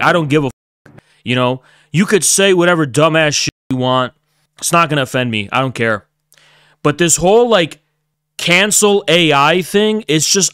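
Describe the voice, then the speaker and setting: A man streaming a heated political rant, cursing often and swinging between loud outbursts and quiet lecturing, on a close desk mic. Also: on the high side, no echo.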